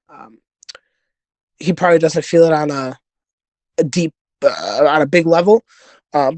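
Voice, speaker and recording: Brief: male guest, slightly higher voice, dry close sound, earnest and rambling. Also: no room sound. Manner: rambling, earnest storytelling with many fillers. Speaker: podcast guest, jiu-jitsu competitor. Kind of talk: casual conversation.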